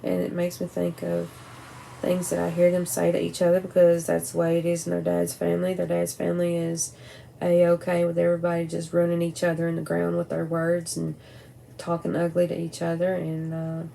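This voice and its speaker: A woman's voice: fairly low pitch, monotone, a little fast, vocal fry, warm tone, slight background noise, poor audio. A middle-aged woman talking candidly and bluntly to camera at home, rambling and swearing now and then. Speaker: vlogger. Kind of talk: casual personal talk to camera. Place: at home by a window at night.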